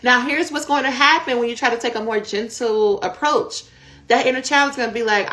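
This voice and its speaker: A woman coaches dissertation writers in a live question-and-answer session. Her fairly high voice stays candid and conversational, and she speaks straight to her viewers as y'all. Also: lively intonation, normal speed, a bit bright.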